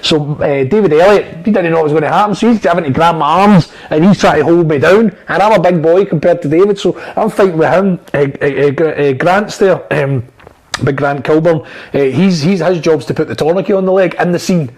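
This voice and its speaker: A man, an actor guest telling lively, swear-filled stories in a casual interview. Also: fairly high pitch, brisk, low-quality recording. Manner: animated storyteller, swears freely.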